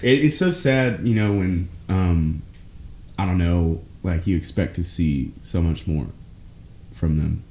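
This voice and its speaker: A man co-hosting a podcast who speaks haltingly, stammering as he searches for words. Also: deep voice, darkish tone, slight background noise. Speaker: podcast co-host. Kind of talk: casual chat. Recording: echoey room.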